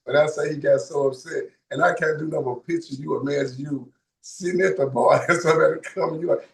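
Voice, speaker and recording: A loud, boisterous man guest tells stories on a casual podcast. His voice sits a little high. He sounds set back from the mic in an echoey room. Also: steady tone, a little fast, vocal fry. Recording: roomy sound, far from mic.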